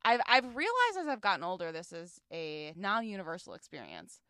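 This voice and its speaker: A woman co-hosting a podcast in casual chat, joking with deadpan asides, recorded in person in a room. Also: fairly low pitch, a little fast, clear, resonant tone, no room sound, clean studio sound. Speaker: podcast co-host. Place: indoor room shared in person.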